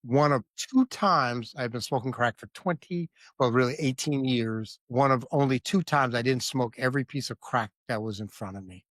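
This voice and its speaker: A man's voice: medium pitch, normal speed, few pauses, a bit bright, no echo. Blunt man telling his story, dry sound. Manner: blunt, vivid storyteller, often stopping to check the listener. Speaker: podcast guest. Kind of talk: candid personal storytelling.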